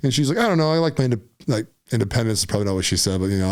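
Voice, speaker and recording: A man from Utah, a podcast guest, telling a personal story in a casual, animated way, often saying "dude" and "right?". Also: fairly low pitch, very fast.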